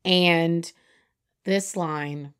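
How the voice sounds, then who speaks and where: A young woman co-hosting a podcast, recapping a reality show in a casual chat and jumping up in pitch when she gets excited. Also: very slow, clean tone. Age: young adult. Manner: animated storytelling with big pitch jumps when excited. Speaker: podcast co-host.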